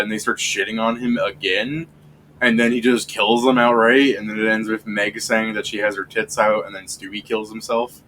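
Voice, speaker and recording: A man's voice: lowish voice, flat delivery, fairly quick, a bit bright, a little hiss or hum. A man running a tabletop game, chatting loosely and profanely between turns and acting out the lines in his stories. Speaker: dungeon master and streamer. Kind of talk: casual out-of-game banter.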